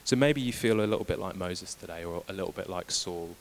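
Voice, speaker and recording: A man preaching a sermon who retells scripture as lively, casual dialogue. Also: low-pitched, a little fast, gravelly, a little hiss or hum.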